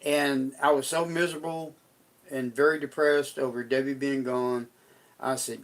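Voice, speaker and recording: A man's voice: medium pitch, fairly even intonation, moderate pace. A middle-aged man on a live stream, telling a personal story in a folksy, rambling way with frequent restarts.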